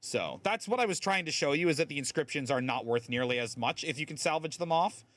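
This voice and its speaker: A man's voice: fairly high pitch, animated, fairly quick, fairly bright tone, no room sound. A man streaming a game, explaining game mechanics in a chatty way with lots of fillers. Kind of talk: casual live-stream commentary.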